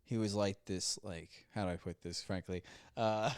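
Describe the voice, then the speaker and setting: A man's voice: on the low side, fairly even intonation, normal speed, clear, resonant tone, no echo. A man co-hosting a comedy podcast, joking crudely and laughing often in casual banter. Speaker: podcast co-host.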